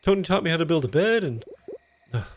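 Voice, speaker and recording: A man's voice: on the high side, very animated, a little hiss or hum, voice pushed up. A man doing an eager young bear son. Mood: earnest. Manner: earnest, keen, quick.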